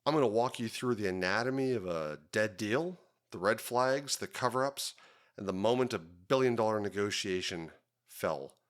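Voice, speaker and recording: A man hosting a podcast, telling his own story in a dramatic, drawn-out hardboiled detective style. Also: on the low side, fairly bright tone, dry recording, clean studio sound. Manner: dramatic, drawn-out noir delivery. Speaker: podcast host.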